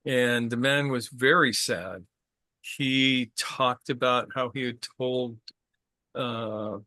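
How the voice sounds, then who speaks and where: A man's voice: mid-range voice, sharp tone, dry recording. A man telling a traditional story to a group in a casual way, repeating words and stopping to ask questions.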